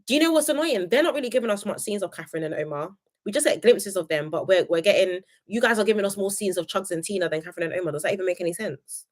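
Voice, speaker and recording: Young adult woman, casual live-stream reviewer, animated and opinionated. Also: racing. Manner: chatty and opinionated, reads viewer comments aloud; animated, jumps between high excited greetings and low asides.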